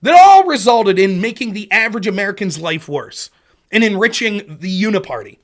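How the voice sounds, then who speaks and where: A man with a strikingly high voice hosts a political stream from a home setup. He rants heatedly, swears often and slips into mocking sarcasm. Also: lively intonation, normal speed, fairly bright tone. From Pennsylvania. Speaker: political livestream host. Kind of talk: profane political rant.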